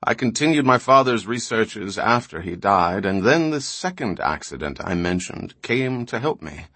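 A grave, patient old scholar lays out his history in calm explanations, as a man reads him in an audiobook. The voice is lowish and the sound close and dry. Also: moderate pace, no echo.

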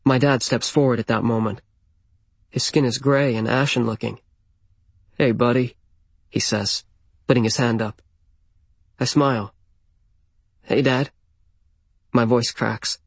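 A man narrates a first-person story, plain and intimate, at a middle pitch. His voice is a touch husky and sits dry and close to the mic. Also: steady tone, normal speed, pauses often, dry recording.

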